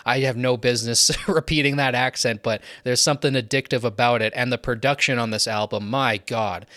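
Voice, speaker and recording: A man's voice: mid-range voice, fairly even intonation, fairly quick, pushed and bright, no room sound. Enthusiastic male music reviewer, dry sound. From not English. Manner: enthusiastic, conversational with frequent fillers. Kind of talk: album ranking commentary.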